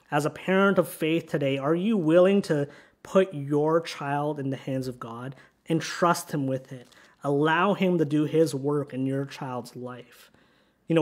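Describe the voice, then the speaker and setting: A pastor preaching a sermon in a church sanctuary, reading scripture aloud in an earnest preaching manner. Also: male voice, a little high.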